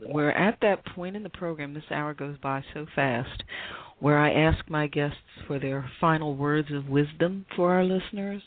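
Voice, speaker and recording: A male radio host running an interview, brisk and affirming as he moves things along. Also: a little high, no echo. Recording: tinny phone line.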